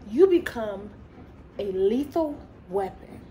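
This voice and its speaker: A woman giving a fervent motivational faith talk as a Christian coach. She slows down to stress key words and drops in casual asides and little laughs. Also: fairly high pitch, animated, dull audio, slight background noise.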